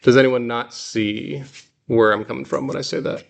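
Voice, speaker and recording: A man's voice: medium pitch, fairly even intonation, normal speed, gravelly. A man teaching a Greek reading class, explaining patiently with examples. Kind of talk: classroom lesson.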